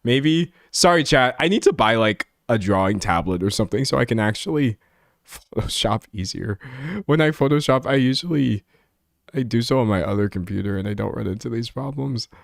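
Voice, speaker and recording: A young man streaming live, chatting with his viewers in a joking, self-mocking way. His pitch jumps around a lot. The sound is dry and close, with hardly any room around it. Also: animated, a little fast, gravelly, dry recording. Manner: self-deprecating, chatty, laughs often. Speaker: livestreamer. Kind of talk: casual live-stream chat while editing.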